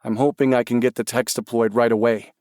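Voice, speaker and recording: A male narrator voicing a helpful official with years in government, who speaks briskly and reassuringly. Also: mid-range voice, level tone, darkish tone, no echo, studio quality, close to an everyday voice.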